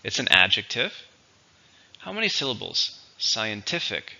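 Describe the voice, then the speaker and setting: A man teaching English vocabulary in a slow, deliberate lesson, spelling out syllables and stress. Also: lowish voice, very animated, vocal fry, bright, forceful tone, highs cut off. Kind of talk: recorded vocabulary lesson and dictation.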